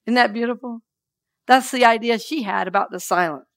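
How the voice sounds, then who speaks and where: Her voice a little high and her pace a little fast, a woman minister preaches to her congregation, moving between hushed scripture passages and lively rounds of call-and-response affirmation.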